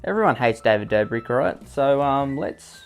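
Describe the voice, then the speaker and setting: A young man giving comedic commentary, reading a text aloud and breaking off for dry, sarcastic remarks. His voice sits at an ordinary middle pitch, and faint music plays underneath. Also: lively intonation, moderate pace, creaky. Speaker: YouTube commentator.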